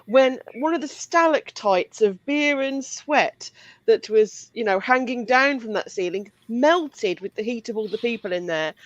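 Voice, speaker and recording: Woman, animated storytelling, slightly high voice, dull dry recording. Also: unhurried, dry recording. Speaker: comedian panelist. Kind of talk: comic anecdote.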